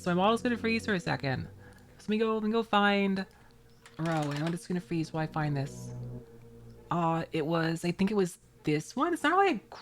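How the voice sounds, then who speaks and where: A woman streamer chatting casually while playing a game, laughing often and thanking viewers from chat. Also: medium pitch.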